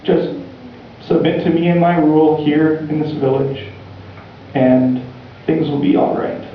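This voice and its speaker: A man voicing a scheming male rebel leader who speaks with calm, measured menace in a sermon story. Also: a little high, slight background noise, natural voice. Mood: menacing. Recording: distant, echoey, dull church recording.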